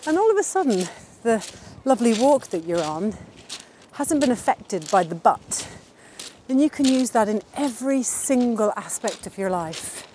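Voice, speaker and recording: A woman's voice: on the high side, very animated, moderate pace, a little hiss or hum, poor audio. A woman answering interview questions in a casual, upbeat and chatty way, laughing now and then at her own wordplay. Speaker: interviewee sharing wellbeing tips.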